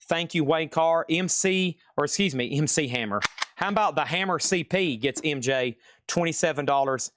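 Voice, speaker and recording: A man hosting a live-streamed record auction, calling bids and sales in a fast, chatty, upbeat patter. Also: a little high, noisy background.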